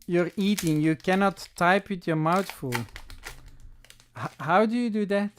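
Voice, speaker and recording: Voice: mid-range voice, unhurried, slight background noise. A livestream host chatting casually with viewers while opening trading card packs, thinking aloud and reading the chat. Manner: thinks aloud with small self-corrections.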